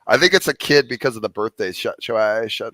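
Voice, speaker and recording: A man's voice: on the low side, lively intonation, quick pace, fairly bright tone, dry recording. A man hosting a live call-in stream, wordy, often restarting his sentences. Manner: wordy, with frequent restarts and fillers. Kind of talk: casual live-stream chat.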